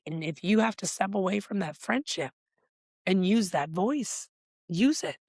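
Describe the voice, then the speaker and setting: A woman's voice: fairly low pitch, no echo, studio quality. A middle-aged woman, a life coach, talking as a podcast guest, telling her story candidly and acting out past conversations. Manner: animated, acts out past dialogue, gets emotional.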